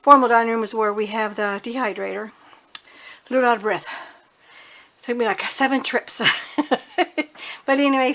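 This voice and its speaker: A woman's voice: fairly high pitch, a bit bright, poor audio. A woman chatting casually through a home cooking how-to, homey and loose, often correcting herself as she goes, recorded at home. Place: home kitchen and dining room.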